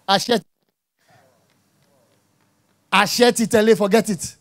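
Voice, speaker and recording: A man preaching a sermon, emphatic and jabbing, dropping to quiet asides and rising to loud exclamations. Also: extremely high pitch, a little fast.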